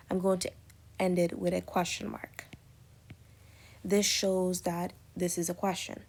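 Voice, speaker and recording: Speaking at a measured pace in a lowish voice with flat delivery, a woman teaches an English lesson. It's a recorded lecture on punctuation, explained step by step with many spoken examples and plenty of fillers.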